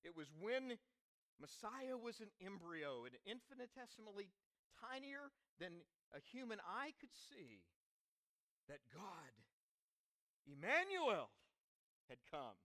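A man preaches slowly, his pitch swinging widely as he builds to emphatic peaks and then falls almost to a murmur. His voice is bright and forward. He leans on rhetorical questions, repeating them to press the point home. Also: sing-song. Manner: rising to emphatic swells, then dropping low. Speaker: pastor. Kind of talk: sermon.

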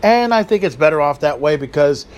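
A man with a somewhat high voice hosts a podcast on his own. He talks in a loose, excitable way, swears freely and keeps breaking off into little asides. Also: a little fast. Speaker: podcast host. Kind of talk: solo wrestling podcast talk.

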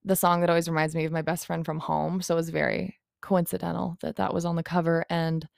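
A woman's voice: fairly low pitch, level tone, fast, vocal fry, a little mellow, dry recording, clean studio sound. A young woman hosting a solo podcast, talking frankly and confessionally in a rambling way and swearing freely. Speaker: podcast host. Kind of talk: candid solo podcast monologue.

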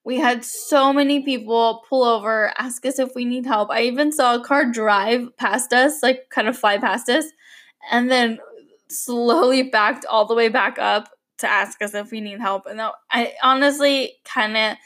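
A woman's voice: fairly high pitch, fairly even intonation, unhurried, fairly bright tone. A young adult woman hosting a podcast, telling a story in a chatty, rambling monologue. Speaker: podcast host. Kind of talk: casual monologue.

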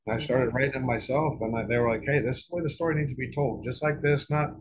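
A man's voice: mid-range voice, steady tone, quick pace, over a noisy crowd, poor audio. A middle-aged man telling a long story in a casual interview, rambling and profane, with frequent restarts and repeated words. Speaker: guest author.

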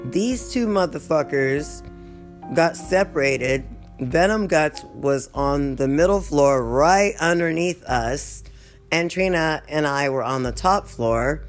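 A woman's voice: deep voice, animated, takes it slowly, faint music behind. A woman vlogger venting in a casual story, swearing constantly, rambling off topic and breaking into laughter often.

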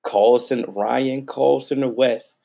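A man co-hosting a casual sports podcast, animated and slangy, repeating himself for emphasis. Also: medium pitch, takes it slowly, vocal fry. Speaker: podcast co-host.

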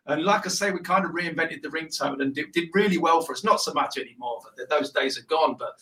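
A man chatting as an interview guest, rambling with halting restarts. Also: a little high, recorded from a distance, a crowd in the background, low-quality recording. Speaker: guest, ringtone maker. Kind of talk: casual interview chat.

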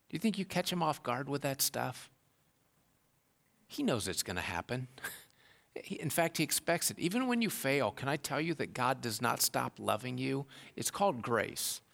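A man's voice: medium pitch, creaky, fairly bright tone. A man preaching a sermon, earnest and heartfelt, building into raised, emphatic passages. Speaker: pastor.

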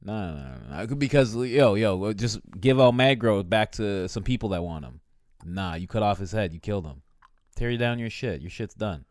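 Give me a low-voiced man chatting on a podcast in a dead-dry room, swearing freely as he acts out a story. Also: moderate pace, no echo. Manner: profane, excitable storytelling with acted-out voices. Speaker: podcast co-host. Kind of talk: casual chat, animated retelling.

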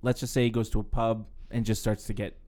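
A man's voice: on the low side, flat delivery, fairly quick, a little mellow. A man co-hosting a podcast, casually speculating and swearing. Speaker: podcast co-host. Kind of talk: casual chat.

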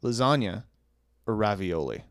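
A man's voice: fairly low pitch, measured pace, dry recording. Guy hosting a podcast, swears a ton, voice jumps all over, dry close sound. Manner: lively, teasing, swears a lot. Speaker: podcast host. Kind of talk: casual profane podcast banter.

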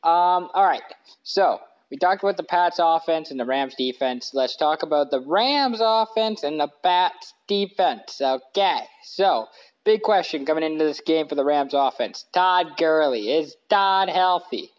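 A man's voice: on the high side, animated, measured pace. Rambling man on a lo-fi podcast. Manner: rambling, self-correcting, with many fillers. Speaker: podcast host. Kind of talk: casual sports podcast talk. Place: living room couch.

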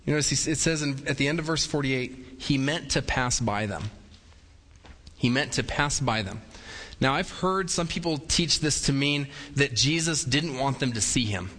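A man's voice: mid-range voice, moderate pace, sharp tone. A man preaching a conversational sermon as pastor, acting out little quoted voices with humor. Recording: long hall reverb.

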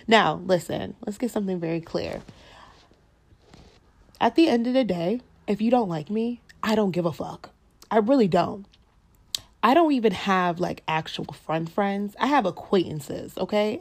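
A young woman hosts her own podcast and rants through a story in a blunt, profane way, acting out both sides of the dialogue. Her voice sits a little low and has a gravelly fry. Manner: blunt, profane, animated retelling with quoted dialogue. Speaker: podcast host. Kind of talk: casual storytelling rant.

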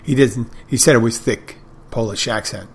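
A man's voice: medium pitch, moderate pace, creaky, slight background noise. A middle-aged man hosting a podcast, telling wry, rambling anecdotes in a casual monologue. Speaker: podcast host.

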